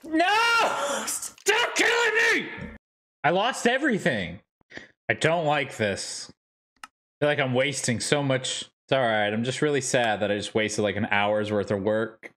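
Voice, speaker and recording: A man streaming a game live, talking to himself and his chat, quick to yelp and shout at enemies. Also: medium pitch, lively intonation. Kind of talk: live gameplay commentary.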